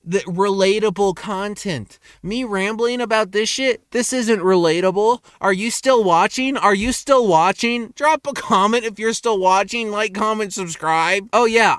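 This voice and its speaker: A young man rambling in a casual rant, crude and self-mocking, his pitch jumping up and down. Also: normal speed, hardly any pauses, a bit bright, smooth, dry recording, clean studio sound. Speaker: vlogger. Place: car in a parking lot at night.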